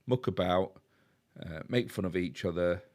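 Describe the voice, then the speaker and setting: A man's voice: low voice, unhurried, darkish tone. A man with a Yorkshire accent, co-hosting a podcast and casually recapping a film plot with fillers and tag questions. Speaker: podcast co-host.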